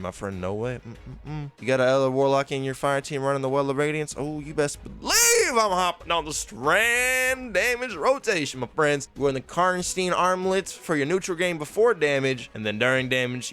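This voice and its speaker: A man's voice: mid-range voice, a bit bright. A young man hosting a gaming video, talking in a hyped, jokey way full of gamer slang. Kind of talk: casual gaming commentary. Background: faint background music.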